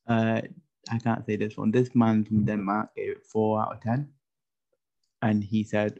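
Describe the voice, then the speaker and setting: This lisping man hosts a podcast, cracking jokes in casual chat and often getting tongue-tied. His low-side voice has vocal fry and a darkish tone, delivered flatly and a little slowly, over dull lo-fi podcast audio.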